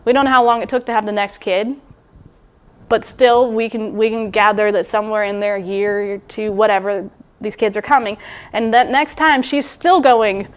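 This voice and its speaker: A woman's voice: on the high side, fairly even intonation, normal speed, clean tone. Conversational woman preaching. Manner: informal and musing, with restarts and asides; voices a biblical character's thoughts aloud. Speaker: guest preacher. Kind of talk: conversational sermon.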